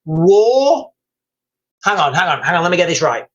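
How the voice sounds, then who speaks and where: A man's voice: a little high, very animated, moderate pace, a bit bright, highs cut off. A British man hosting a livestream, chatting through the news in a rambling, casual way and often saying "guys" and "like". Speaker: livestream host. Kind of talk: live-stream news commentary.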